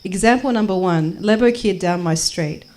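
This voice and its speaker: A woman's voice: mid-range voice, moderate pace, a little mellow. Brash Australian woman doing stand-up. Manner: brash, jokey, acts out the people she quotes. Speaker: stand-up comedian. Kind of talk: stand-up comedy and spoken word. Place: small performance space.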